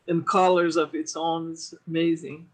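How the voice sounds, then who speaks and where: A woman's voice: low voice, little pitch movement, measured pace. Enthusiastic woman hosting an interview. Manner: enthusiastic, asks questions and adds her own reflections. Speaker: host. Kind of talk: casual interview.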